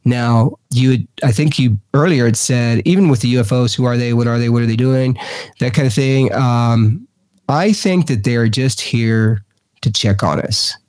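A middle-aged man from Texas, a guest telling stories animatedly, his voice jumping up high for emphasis. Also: normal speed, a little mellow, dry recording. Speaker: guest, paranormal investigator. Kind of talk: casual storytelling.

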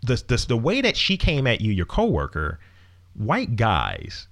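A man co-hosting a podcast in casual conversation, his pitch swinging widely as he talks. He is profane and quick to mock what he argues against. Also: vocal fry. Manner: animated, profane, mocking asides. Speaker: podcast co-host.

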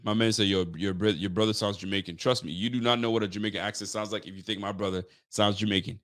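A man's voice: fairly low pitch, fast. A man hosting a casual live sports talk show, talking emphatically to his viewers and often restarting his sentences. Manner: excitable, emphatic, frequent restarts; chats directly to live viewers. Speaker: sports fan show host.

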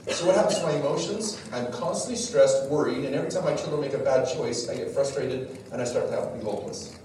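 A middle-aged man giving a church talk to a live audience, telling lively stories that poke fun at himself. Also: medium pitch, fast, slight background noise. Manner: lively storyteller, jokes at his own expense. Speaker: speaker at a church parenting talk. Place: large echoey room with a live audience. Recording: echoey hall recording from far off.

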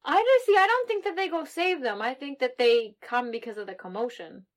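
A woman co-hosting a casual movie podcast, chatty and quick to laugh. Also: high voice, animated. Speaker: podcast co-host.

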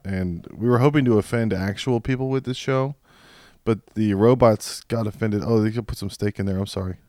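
A man's voice: fairly low pitch, a little fast, a little mellow, no echo, studio quality. A man co-hosting a comedy podcast, bantering irreverently and laughing often. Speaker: podcast co-host.

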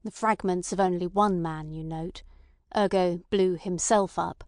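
Brief: woman reading an impatient male radical, blunt and loud-ish, dry close sound. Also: fairly low pitch, fairly even intonation, measured pace, no echo. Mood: agitated. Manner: blunt, agitated. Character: impatient resentful male anarchist, Ossipon.

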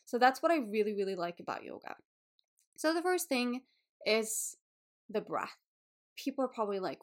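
A woman's voice: fairly high pitch, lively intonation, normal speed. Candid woman yoga teacher podcasting. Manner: candid, emotional, swears casually. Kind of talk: casual solo podcast talk.

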